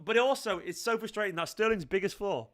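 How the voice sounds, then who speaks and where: A man's voice: sits high, fairly quick, a bit bright. A man hosting a fan channel, giving a passionate, emphatic post-match reaction, swearing and repeating points for effect.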